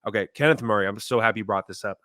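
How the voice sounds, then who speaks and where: A man's voice: fairly low pitch, rapid-fire, a bit bright, no room sound. A man co-hosting a sports podcast, bluntly complaining about players and referees in casual chat. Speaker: podcast co-host.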